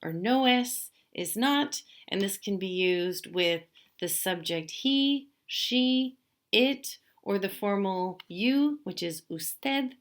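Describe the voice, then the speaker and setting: A woman teaching a language lesson, explaining patiently step by step and slowly drawing out example words. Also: medium pitch, animated. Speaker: Spanish teacher.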